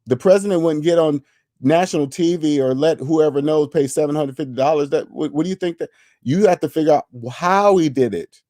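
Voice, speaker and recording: A man hosts a money talk stream, hammering his points home again and again in an emphatic, lecturing way. His voice sits a bit high for a man. The sound is close and dry, with no room in it. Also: a little fast, mellow, dry recording. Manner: reads and answers viewer chat. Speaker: finance channel host. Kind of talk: casual livestream commentary.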